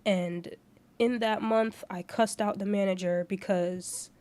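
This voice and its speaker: A woman's voice: mid-range voice, steady tone, slow pace, darkish tone, a little hiss or hum. Profane, ranting young woman streamer. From Florida. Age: 20s. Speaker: livestreamer. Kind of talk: casual stream chat.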